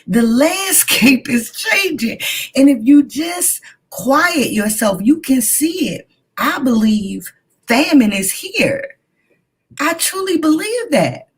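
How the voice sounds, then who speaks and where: A woman talking fervently and with excitement in a religious discussion. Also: high voice, takes it slowly.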